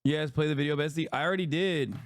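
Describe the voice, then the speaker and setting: A man's voice: a little high, fast, no echo. A man hosting a live stream, reacting to news in a casual, profane, wry way. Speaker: streamer host.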